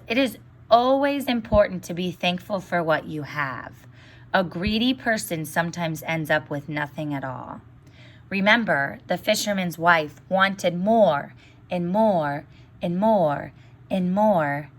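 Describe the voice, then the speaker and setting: A woman teacher reading a story aloud to children and asking them encouraging questions. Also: fairly low pitch. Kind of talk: read-aloud lesson for children.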